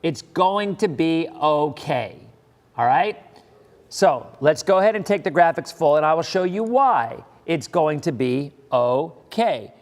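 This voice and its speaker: A man's voice: on the high side, expressive, unhurried, long reverb tail. A middle-aged man, a meteorologist giving a live weather update, reassuring and emphatic, repeating points. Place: live stream studio.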